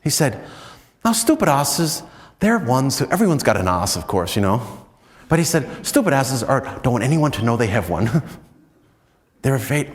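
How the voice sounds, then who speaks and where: American priest, mid-pitch, conversational storyteller, self-deprecating, bursts of animated high pitch, long hall echo. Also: male voice, brisk. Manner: chatty, self-mocking, many "you know"s. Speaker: priest giving a spiritual talk. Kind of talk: storytelling retreat talk.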